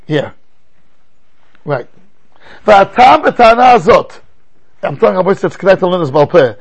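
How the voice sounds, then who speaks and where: Animated gravelly rabbi teaching. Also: male voice, fairly high pitch, fairly quick, rough recording. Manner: animated, rhetorical questions, frequent stammering restarts. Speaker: rabbi teaching a Torah class. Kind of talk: animated Torah lecture.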